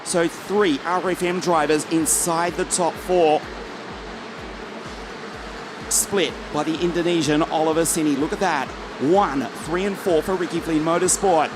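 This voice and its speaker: A man's voice: fairly high pitch, moderate pace, background noise. A man commentating live on a karting race from the commentary box, reeling off drivers and teams and joking with his co-commentator. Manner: lively, joking banter between race calls.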